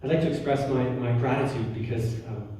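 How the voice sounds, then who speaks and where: A man giving a spiritual talk as a guest speaker, telling personal stories warmly, with frequent restarts and soft laughs. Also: mid-range voice, fairly even intonation, brisk. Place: church hall. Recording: roomy hall from far off.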